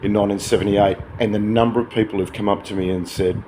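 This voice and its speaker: A man's voice: fairly low pitch, steady tone, fast, warm tone, a little hiss or hum. A man, rambling through a chatty early-morning vlog from his hotel, swearing casually as he digresses. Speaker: vlogger.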